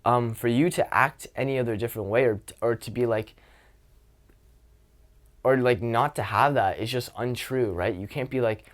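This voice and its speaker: A young man coaching social skills in a casual, expressive way, swearing freely. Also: medium pitch, moderate pace.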